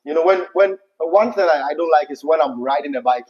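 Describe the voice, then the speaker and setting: Ghanaian man co-hosting a live chat, Pidgin mixed in, fairly high voice, lo-fi audio. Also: a little fast. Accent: Ghanaian English. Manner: laughs often, slips into Pidgin. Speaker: livestream co-host. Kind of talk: casual livestream chat.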